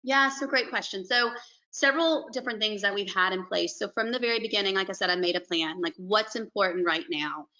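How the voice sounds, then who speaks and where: A periodontist woman from Alabama, talking earnestly and warmly over a video call on a panel. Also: medium pitch, a little fast, poor audio. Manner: earnest, effusive, says "y'all".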